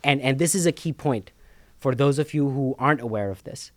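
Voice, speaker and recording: A man's voice: mid-range voice, brisk, dry recording, studio quality. A man co-hosting a casual talk show, explaining finances emphatically, repeating words and checking in with "okay?" a lot.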